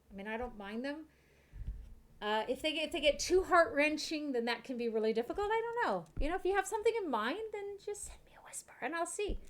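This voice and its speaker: Giggly woman streaming games. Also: fairly high pitch. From Kentucky, USA. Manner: chatty, giggly, talks to her chat. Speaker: game streamer. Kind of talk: casual chat while streaming a life-sim game.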